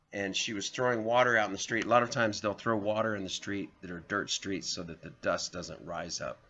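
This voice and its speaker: A man's voice: lowish voice, creaky, pushed and bright, a little hiss or hum. A man hosting his own vlog, telling rambling personal stories and talking straight to viewers as folks. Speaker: vlogger, show host. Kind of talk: casual storytelling monologue. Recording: slightly dull lo-fi audio.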